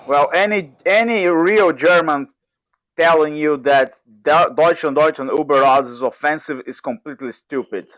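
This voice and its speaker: A man's voice: fairly high pitch, normal speed, fairly bright tone, dry recording. A man in a casual online group chat who cuts in often and gives blunt opinions. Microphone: online call. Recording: dry muffled call audio.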